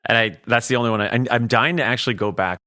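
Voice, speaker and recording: A man's voice: medium pitch, rapid-fire, bright, forceful tone, dry recording, studio quality. A man hosting a book podcast, talking in an enthusiastic, rambling way. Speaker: podcast host. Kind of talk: casual book discussion.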